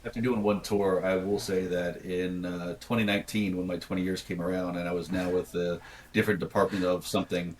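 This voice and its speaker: A man's voice: sits low, little pitch movement, brisk, slight background noise. A man veteran on a podcast making dry, joking asides. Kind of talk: casual chat.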